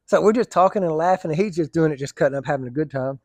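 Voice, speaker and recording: A man's voice: a little high, rapid-fire, few pauses, darkish tone, no echo. A man telling rambling, colloquial stories in a casual vlog and laughing often. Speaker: vlogger. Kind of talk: casual storytelling.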